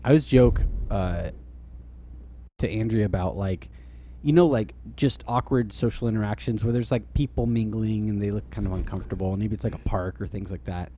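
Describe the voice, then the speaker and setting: A man's voice: fairly low pitch, a little fast, dark tone, a little hiss or hum. A man co-hosting a podcast, chatting casually in a rambling way, with lots of "like" and frequent laughter. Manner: rambling, heavy use of "like", laughs often. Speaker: podcast co-host. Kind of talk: casual chat.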